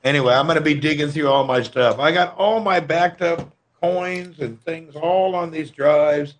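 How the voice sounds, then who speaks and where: Brief: adult man, high voice, distracted and grumbling, livestream guest. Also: normal speed, slight background noise. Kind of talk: casual live-stream chat.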